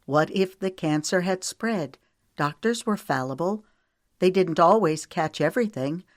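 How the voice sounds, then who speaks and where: A woman's voice: lowish voice, expressive, unhurried, no room sound, clean studio sound. A woman narrating a romance audiobook and giving the characters' lines light shifts in voice. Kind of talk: scripted narration.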